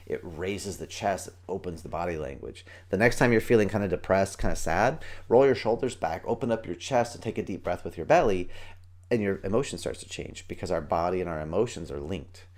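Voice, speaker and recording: Speaking quickly and with plenty of excitement, this parenting coach and martial arts teacher runs a lively solo podcast in a deep male voice, slipping into kids' and parents' voices to stage small scenes.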